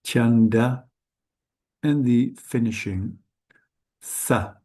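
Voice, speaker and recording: A man whose first language is Dutch, teaching Sanskrit letters in a slow, careful lesson, hesitant and correcting himself often. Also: medium pitch, dark tone. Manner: hesitant, halting, with frequent self-corrections.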